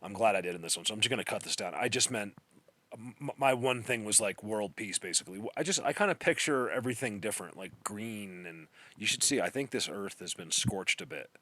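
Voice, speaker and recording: A man's voice: lowish voice, expressive, fairly quick, sharp tone, no echo. A man adding a casual, apologetic, rambling voice-over aside to his vlog. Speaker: vlogger adding commentary.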